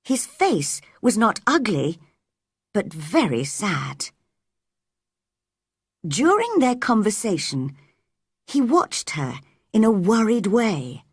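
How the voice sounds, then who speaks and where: Woman narrator for a learners' audiobook, lively pitch, breathy, dry close sound. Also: no room sound. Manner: clear, measured, expressive character voices. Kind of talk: graded-reader audiobook narration for English learners.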